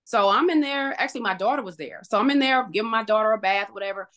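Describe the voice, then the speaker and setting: A woman guest on a podcast, telling a painful personal story in an emotional, halting way, full of restarts. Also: mid-range voice, a bit bright.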